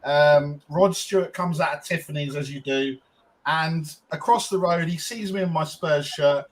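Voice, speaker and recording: A man's voice: fairly high pitch, normal speed, poor audio. A man co-hosting a podcast, telling a long casual story with lots of ums and restarts. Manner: rambling, frequent ums and restarts. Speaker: podcast co-host.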